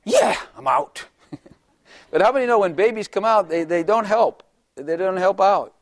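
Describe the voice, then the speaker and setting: A man's voice: sits high, expressive, moderate pace, no echo, clean studio sound. An older man, a pastor, giving a humorous, chatty sermon, often laughing and acting out little voices.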